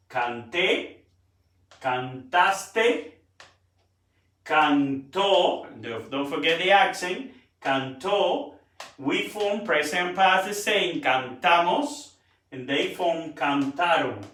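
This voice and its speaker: Teacher with a bright echoey voice. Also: male voice, fairly high pitch, far from the mic. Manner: broken English with Spanish words spoken natively. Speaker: Spanish teacher. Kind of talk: classroom lesson. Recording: echoey room, voice from off mic.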